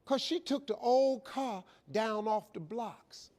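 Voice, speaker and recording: A man's voice: sits high, slow, darkish tone. A middle-aged man telling a folksy, emphatic, preacher-like story to a live audience as a motivational speaker.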